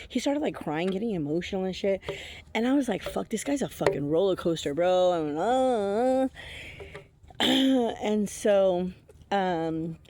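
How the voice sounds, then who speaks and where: Woman, casual storytime vlog, blunt, profane, rambling, laughs often, mid-pitched voice. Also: mellow, slight background noise. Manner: rambling with many fillers and restarts. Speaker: intuitive reader.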